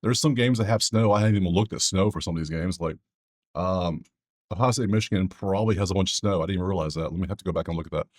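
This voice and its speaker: Low-voiced man rambling about betting picks. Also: very fast, a little mellow, no room sound, clean studio sound. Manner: rambling, joking asides to viewers. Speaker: sports betting host. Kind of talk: casual betting breakdown.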